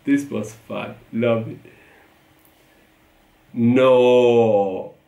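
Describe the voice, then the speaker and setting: A man's voice: medium pitch, fairly even intonation, extremely slow, creaky, dark tone, dull audio. A man with an Italian accent hosting a reaction video, reading tweets aloud, laughing often and repeating short phrases. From Italy. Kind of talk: reacting to tweets, casual chat. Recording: echoey room.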